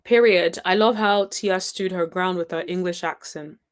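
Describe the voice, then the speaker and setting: A woman's voice: fairly low pitch, moderate pace, smooth. A woman hosting a reality TV recap, reacting to clips in a chatty, sassy way and humming "mm-mm-mm" in approval. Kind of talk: casual commentary on show clips.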